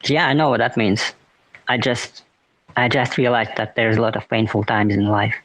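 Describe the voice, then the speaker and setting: A man's voice: on the low side, moderate pace, a bit bright, low-quality recording. A man co-hosting a podcast, bantering casually and musing in a philosophical way. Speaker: podcast co-host. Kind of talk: casual chat.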